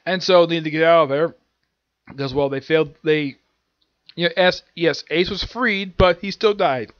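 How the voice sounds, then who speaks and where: An anime reviewer with a voice on the high side recaps episodes at a normal speed, rambling casually with many fillers and restarts. The recording is dry, dull, and lo-fi.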